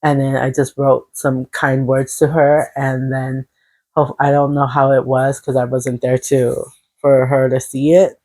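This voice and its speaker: A woman giving a casual tarot reading, earnest and encouraging, rambling with halting restarts. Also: rumbling low, little pitch movement, darkish tone. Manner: earnest, encouraging self-help tone. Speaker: tarot reader.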